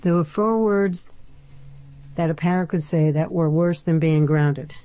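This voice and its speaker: A woman reading a novel aloud in measured, even storytelling narration, close to the microphone. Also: deep voice. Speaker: audiobook narrator. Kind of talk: scripted narration.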